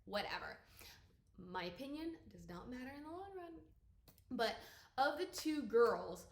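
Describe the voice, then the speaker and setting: A woman's voice: fairly high pitch, a little slow, reverberant. Chatty woman with a light Southern accent. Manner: chatty and opinionated, with lively emphatic rises. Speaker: book reviewer. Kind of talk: casual spoken book review.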